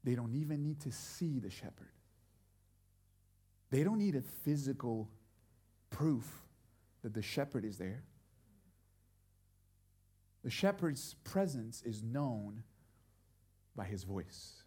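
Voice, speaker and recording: A middle-aged male pastor preaching a sermon, telling a story and moving from quiet, intimate passages to loud, emphatic ones. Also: mid-range voice, lively intonation, slow pace, pauses often, breathy edge.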